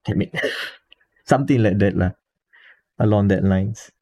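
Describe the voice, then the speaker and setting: A man's voice: on the low side, slow, a little mellow. A man with a Malaysian English accent, co-hosting a casual podcast panel and talking at length with restarts and small chuckles. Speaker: podcast co-host.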